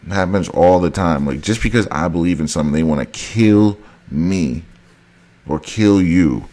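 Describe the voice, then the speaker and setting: A man's voice: low voice, moderate pace, warm tone. A man vlogging a heated, repetitive rant straight to his viewers, often calling them guys. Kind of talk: ranting monologue to camera.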